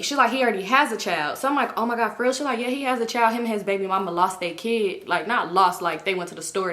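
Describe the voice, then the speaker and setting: A woman's voice: medium pitch, bright, forceful tone. A young woman telling a gossipy storytime, acting out quoted dialogue and swearing freely. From Los Angeles area. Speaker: vlogger. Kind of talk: casual storytime.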